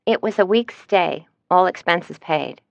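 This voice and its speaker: A woman's voice: on the low side, a little slow, gravelly, no room sound. A woman voicing a cheerful, talkative female travel agent in an audiobook, in a dry, slightly dull recording. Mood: chirpy.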